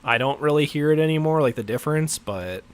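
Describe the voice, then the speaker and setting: A man with a deep voice chatting casually while he plays a game on a livestream, rambling and filler-heavy, often chuckling. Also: animated, brisk, slight background noise. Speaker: livestream gamer. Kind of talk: casual gameplay chat.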